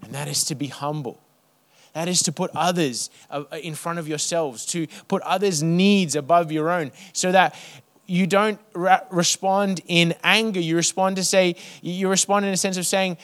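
A man preaching a sermon to his church, building rhythmic lists and then dropping to a soft hush. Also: high voice, steady tone, normal speed. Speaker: pastor.

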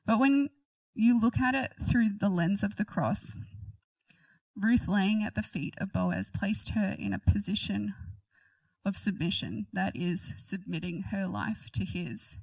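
A woman's voice: mid-range voice, lively intonation, measured pace, darkish tone, no echo, recorded from a distance, poor audio. A woman reading a Bible passage aloud and commenting on it in a chatty, giggly way. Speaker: Bible teacher.

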